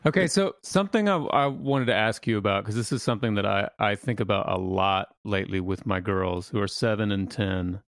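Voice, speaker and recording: A man in his thirties co-hosts a podcast and asks a guest earnest, reflective questions. His low voice has a gravelly edge. The mic is close and dry. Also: brisk, few pauses, no echo. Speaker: podcast co-host. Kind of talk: casual podcast interview.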